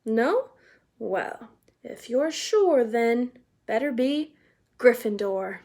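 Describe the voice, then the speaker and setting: A woman voicing a wise old male talking hat in a storybook reading, speaking in a soft, musing, half-whispered way. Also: a little high, lively intonation, very slow, heavily acted. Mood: coaxing.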